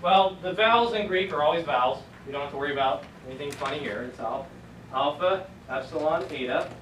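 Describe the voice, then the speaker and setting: A man teaching a class, relaxed, leading students in repeating sounds. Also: fairly high pitch, fast, slight background noise. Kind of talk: classroom lesson. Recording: echoey room, voice from far off.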